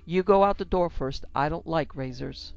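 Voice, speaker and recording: A woman's voice: normal speed, clean tone, no echo. Woman doing a cold, menacing outlaw man. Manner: low, quiet and menacing. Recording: dull lo-fi with faint music.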